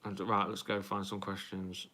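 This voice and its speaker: A young man chats his way through a live stream, reading viewer comments aloud and rambling with plenty of ums and false starts. His voice is low, bright and smooth. He keeps an even, flat tone throughout. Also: normal speed. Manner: rambling, full of ums and restarts.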